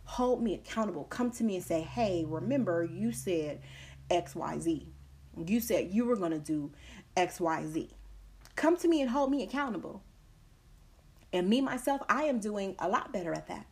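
A woman's voice: mid-range voice, lively intonation, moderate pace, darkish tone. A woman hosting a solo podcast, talking emphatically and repeating her key points, now and then acting out other people's words in a changed voice. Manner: acts out quoted people in shifting voices. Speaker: podcast host. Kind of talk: casual solo podcast monologue.

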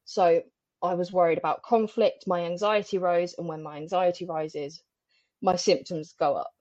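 A woman speaking as a podcast guest in a candid, animated way, often laughing between phrases. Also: lowish voice, moderate pace, no room sound. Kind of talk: candid conversational interview. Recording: dry, slightly dull lo-fi sound.

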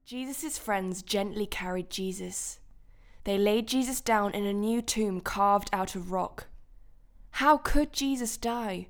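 Slow, gentle female Bible teacher. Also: mid-range voice. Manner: gentle, questioning the listeners. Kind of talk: children's Bible lesson.

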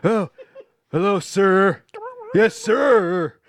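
A man's voice: high voice, sing-song, slow pace, no room sound, heavily acted. A man voicing a panicked young male hostage who phones his parents, apologizing in an overwrought, stammering way in a comedic script read-through. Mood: frantic.

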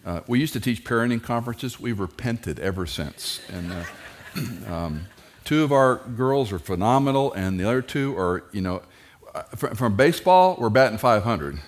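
A middle-aged man preaching a sermon, animated and joking, who jumps into high mock voices when quoting kids and parents. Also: normal speed. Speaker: pastor.

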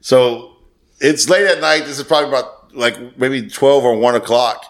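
A man's voice: mid-range voice, moderate pace. A man hosting a podcast, telling a story casually and swearing freely. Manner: swears freely, acts out quoted voices. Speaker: podcast host.

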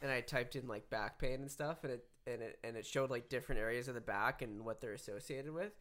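A man chats loosely with his friends on a podcast, with a bright, sharp edge to his voice. He tells his stories candidly and laughs along the way. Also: mid-range voice, brisk. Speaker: podcast co-host. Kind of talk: casual chat among friends.

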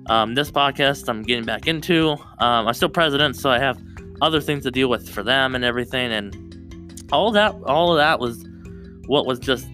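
A young man talks into a close podcast mic in a bright, forceful voice, rambling and breaking off mid-sentence to start again. Soft guitar music plays faintly underneath. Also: mid-range voice. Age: young adult. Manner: rambling, self-interrupting, restarts often. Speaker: podcast host. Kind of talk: solo podcast chat.

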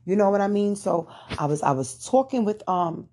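A woman's voice: medium pitch, animated, moderate pace, mellow. A young adult woman hosting her own show, casually telling listeners a personal faith testimony, addressing them as y'all with lots of fillers. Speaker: podcast host.

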